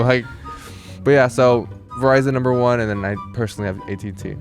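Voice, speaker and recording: Young man telling a relaxed story. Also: medium pitch, quick pace, faint music behind. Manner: relaxed storyteller, laughs at himself. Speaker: podcast co-host. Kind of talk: casual chat.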